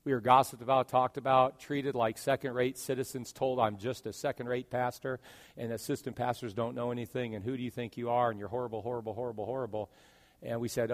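A man in his fifties preaches from the pulpit, dropping to near-whispers and then climbing high and loud for emphasis. His voice sits at an ordinary middle pitch. The sound rings with the long reverb of a large church sanctuary. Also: flat delivery, quick pace. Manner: dynamic preaching that swings from hushed to loud. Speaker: pastor. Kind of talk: sermon.

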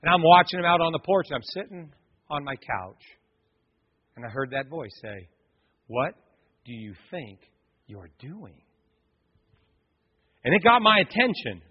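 A middle-aged pastor preaches with lively storytelling and speaks straight to the congregation. His voice is fairly high and husky. It carries a long sanctuary reverb through a dull, muffled recording. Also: brisk. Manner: animated storytelling, addresses the congregation directly. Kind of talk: sermon. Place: church sanctuary.

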